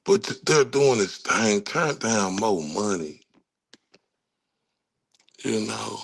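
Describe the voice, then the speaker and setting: A man's voice: on the low side, animated, takes it slowly, creaky, slightly rough. A man with a Texan accent giving angry, profane true-crime commentary and talking straight to his viewers. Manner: angry, cursing, talks to viewers.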